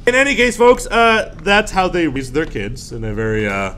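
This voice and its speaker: A man teaching a history class, lively and jokey, acting out little scenes and voices for students. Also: fairly high pitch, moderate pace, a little hiss or hum.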